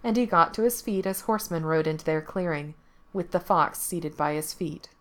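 A woman storyteller reading a fairy tale aloud in a calm, measured way. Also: on the low side. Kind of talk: storybook narration.

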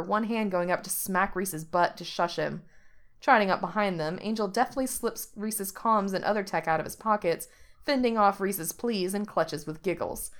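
A woman narrating a story aloud with steady, expressive delivery. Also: medium pitch, normal speed.

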